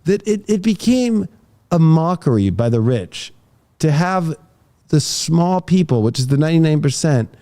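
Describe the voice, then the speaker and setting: A man's voice: on the high side, big pitch swings, moderate pace, mellow. A man hosting a casual podcast conversation, telling rambling stories with plenty of swearing. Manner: profane, rambling storytelling. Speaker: tarot reader and podcast host.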